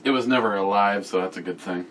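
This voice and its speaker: A man's voice: on the low side, quick pace, fairly bright tone, recorded from a distance, a little hiss or hum. A man on a casual beer-review vlog reads out viewer comments with crude, joking humor and a lot of swearing.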